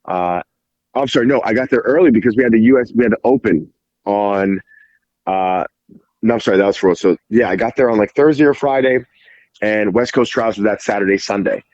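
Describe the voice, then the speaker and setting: A man guesting on a podcast, telling an animated story in casual speech full of "like" fillers and casual swearing. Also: lowish voice, fairly quick, dry recording, dull audio. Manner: animated, heavy "like" fillers, acts out quoted dialogue, swears casually. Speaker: podcast guest, jiu-jitsu referee.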